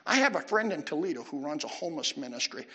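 A male pastor delivers a sermon in a high, lively voice with a slightly husky edge. He swings his pitch widely and keeps asking questions of the congregation. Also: fast. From United States. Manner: animated preaching, questions to the audience.

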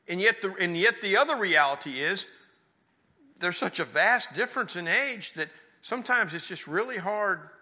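A man's voice: high-pitched, animated, normal speed, bright, forceful tone. An older man in his sixties preaching a sermon in church, folksy and conversational, with rhetorical questions to the congregation. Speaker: pastor.

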